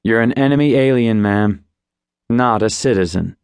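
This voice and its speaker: A male audiobook narrator voicing a measured, politely firm federal agent. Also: medium pitch, darkish tone, clear, resonant tone, no room sound, lightly acted. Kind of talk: audiobook character voice.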